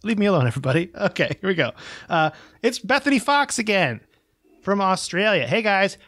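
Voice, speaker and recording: A man co-hosting a casual podcast, with a voice a touch higher than most men's. He talks in a rambling, self-deprecating, jokey way. The sound is dry and close, with no room echo. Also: big pitch swings, fairly quick, fairly bright tone. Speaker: podcast co-host. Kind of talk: casual chat.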